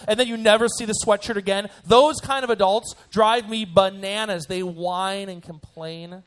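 A young man, a youth pastor, giving a joking, animated sermon to students. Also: high-pitched, moderate pace, hardly any pauses. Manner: animated and joking, acts out voices.

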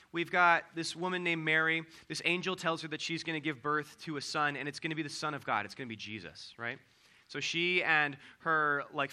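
Man, youth pastor, casual sermon, chatty with lots of fillers, bright and sharp voice, a bit high. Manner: chatty, many fillers and tag questions.

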